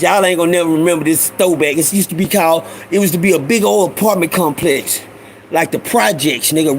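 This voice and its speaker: A middle-aged man spins street stories straight to his listeners in a high, gravelly voice. He talks loose and profane, and a faint ambient hiss sits under his voice. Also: low-quality recording. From Houston, Texas. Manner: animated, profane street slang, addresses listeners as y'all. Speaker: storyteller host. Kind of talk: casual storytelling monologue.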